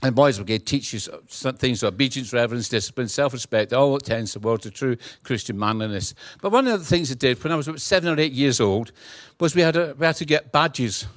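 A man's voice: mid-range voice, brisk, few pauses, no room sound. A middle-aged man with a Scottish accent, preaching a humorous, storytelling sermon and acting out dialogue. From Scotland. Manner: humorous, animated, acts out dialogue. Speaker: guest preacher.

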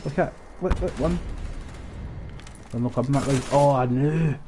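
A young man talks through a shooter match with a relaxed, mellow voice, swearing freely and mixing sarcasm with laughter. He is recorded close on a headset, with faint game gunfire behind him. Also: medium pitch, normal speed, slight background noise. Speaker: gaming streamer. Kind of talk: casual gameplay commentary. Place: at home.

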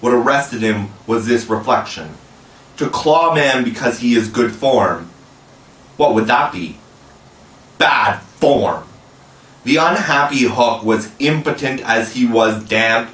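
Man, storybook narration, measured reading, mid pitch, echoey room, distant mic. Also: a bit bright. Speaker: audiobook reader.

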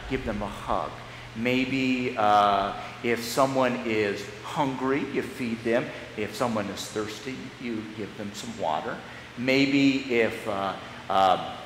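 Speaking in a mid-range voice, a pastor leads a children's message, taking the kids through a story in a playful, stop-start fashion. The live stream from the echoey church sanctuary has slight background noise.

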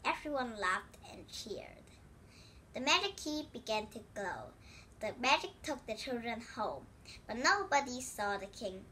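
Woman, children's storybook read-aloud, bright tone, higher voice, careful. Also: very animated, measured pace, a little hiss or hum. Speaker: storybook reader. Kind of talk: reading a children's book aloud.

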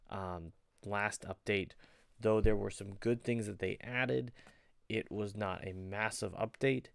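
This young photo editing creator talks casually to the camera, wandering a bit and leaning on lots of fillers as he gives vlog-style commentary. He has a lowish, gravelly voice. The recording is dry, with clean studio sound.

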